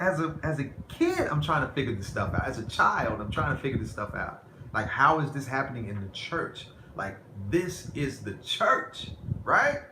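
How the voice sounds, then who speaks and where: Candid man telling a story in an echoey room. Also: medium pitch. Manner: candid, conversational, rambling. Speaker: vlogger. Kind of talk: personal storytelling to camera. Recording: roomy echo, faint background noise.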